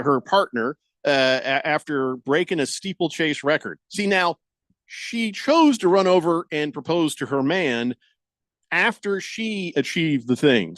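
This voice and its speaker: A man's voice: fairly high pitch, no room sound. A man hosting a radio talk show, telling stories in casual banter and acting out the people he quotes. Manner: animated storyteller, acts out quoted voices. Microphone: studio microphone.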